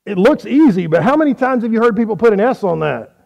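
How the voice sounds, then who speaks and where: A man's voice: sits high, very animated, quick pace, gravelly, darkish tone, dull audio. A man preaching a folksy sermon, quizzing his audience on how they say words.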